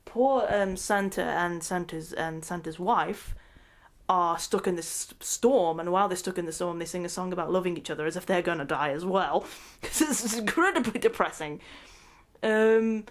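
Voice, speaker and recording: A woman recapping a movie in a rambling, excitable rant, often breaking into laughter mid-sentence. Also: fairly low pitch, moderate pace. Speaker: movie reviewer.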